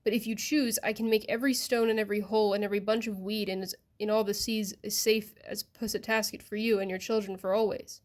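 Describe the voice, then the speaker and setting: A woman voicing a stern, ancient male magician in a storybook reading, speaking in a grave, measured way. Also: medium pitch, flat delivery, close to an everyday voice.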